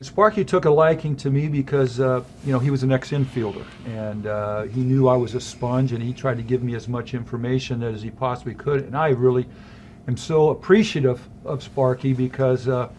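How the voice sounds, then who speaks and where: Former ballplayer guest, sixties, sincere, halting with fillers, faint background hiss. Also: male voice, mid-range voice, fairly even intonation, a little mellow. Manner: earnest, grateful, halting with fillers. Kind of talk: reflective interview chat.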